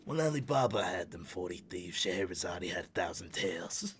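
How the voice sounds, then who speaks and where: A man voicing a gruff, wisecracking male genie in a tough-guy drawl. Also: low voice, expressive, brisk, a little hiss or hum, pitched below the performer's own voice. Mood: crooning.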